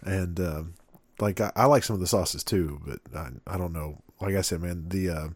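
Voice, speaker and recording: A man's voice: low voice, moderate pace, dry recording. A man co-hosting a podcast, casual chat, telling stories with lots of fillers and restarts. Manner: rambling storyteller with many fillers and restarts. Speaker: podcast co-host.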